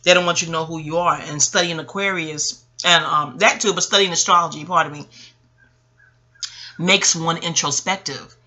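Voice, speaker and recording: Woman, 40s, astrologer, loose rambling monologue, very bright and sharp tone, salty and animated with quick laughs. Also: low voice. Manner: animated, profane, laughing asides.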